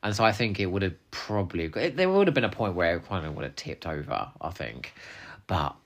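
A man's voice: deep voice, big pitch swings, fairly quick. A man co-hosting a podcast, chatting casually and animatedly, laughing often with playful asides. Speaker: podcast co-host.

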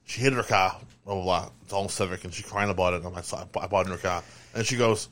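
A man's voice: sits low, fairly even intonation, quick pace, fairly bright tone. A young married man telling stories in casual chat, stammering and repeating himself, swearing freely. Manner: rambling, stammering, profane.

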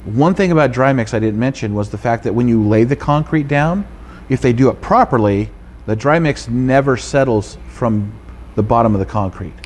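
A man chatting casually as co-host, telling family stories and getting animated when he quotes people. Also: medium pitch, moderate pace. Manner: storytelling, animated when quoting others. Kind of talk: casual chat. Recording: faint background noise.

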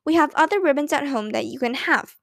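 A woman voicing a practical mother who tries to calm a quarrel. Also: sits high, brisk, vocal fry, no echo, clean studio sound. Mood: placating.

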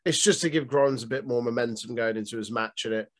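A man of middling pitch chats casually as a podcast co-host. He mostly agrees and adds short, dry comments. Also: fast.

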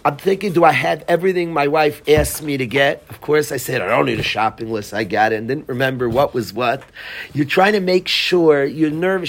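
A middle-aged rabbi lecturing on Torah, his voice a little high and gravelly with fry. He tells stories with animated delivery and Hebrew terms mixed in. A faint hiss of noise sits under the recording.

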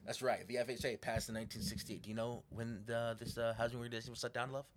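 A man's voice: mid-range voice, level tone, fast, slight background noise. A man co-hosting a podcast, talking casually through prepared notes with a sarcastic edge and frequent swearing. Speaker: podcast co-host.

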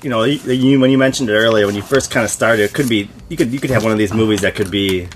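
Low-voiced guy on a movie podcast, crude and rambly, noisy background. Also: quick pace. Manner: crude joking, rambling restarts. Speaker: podcast co-host. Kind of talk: casual movie podcast chat. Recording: noisy recording.

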